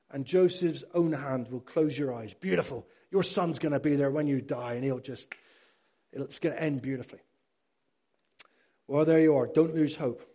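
Preacher with a high, mellow voice. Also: male voice. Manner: animated, acts out Bible characters; asks the congregation questions. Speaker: pastor. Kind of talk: sermon.

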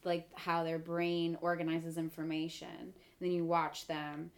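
Low-voiced woman, rambling and earnest. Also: monotone, unhurried. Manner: rambling, earnest, searching for words. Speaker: comedian guest. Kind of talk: casual chat.

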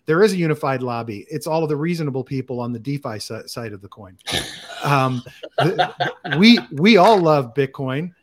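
A man's voice: mid-range voice, expressive, moderate pace. A man co-hosting a casual chat podcast, blunt and profane, who reads out listener comments and argues back. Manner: blunt and profane, swears freely. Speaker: podcast co-host.

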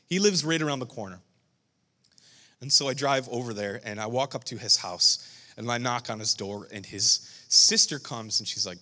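A man who is a pastor, telling a story during a sermon with animated, emotional delivery. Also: mid-range voice, normal speed, in a large hall.

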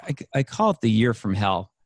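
A man's voice: on the low side, sing-song, normal speed, dry recording, clean studio sound. A man, a podcast guest, telling a personal story in a rambling, earnest way, full of fillers and restarts. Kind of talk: casual storytelling conversation.

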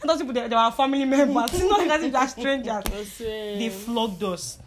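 A woman's voice: fairly high pitch, a little fast. A young Nigerian woman telling stories in a casual chat. She mixes in pidgin and laughs often. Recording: crowd chatter in the background.

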